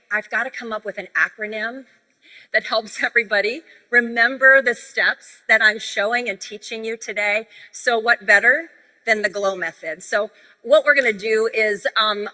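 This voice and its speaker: A woman gives a sales training talk from a convention stage, chatty and animated as she tells her stories. Her voice is bright and fairly high. The sound rings out in a large hall with a long reverb. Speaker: convention speaker.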